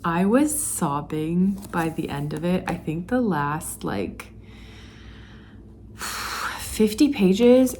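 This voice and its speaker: A woman's voice: fairly low pitch, darkish tone, a little hiss or hum. A woman vlogging casually about a book she is reading, talking emphatically with frequent fillers and restarts, sometimes reading passages aloud.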